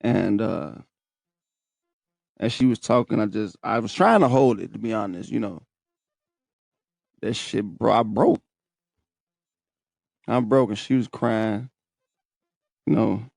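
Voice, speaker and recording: A man's voice: fairly low pitch, slow, gravelly, pauses often, darkish tone, no echo, studio quality. A young man hosting a podcast, telling a personal story in a candid, profane, emotional way. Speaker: podcast host.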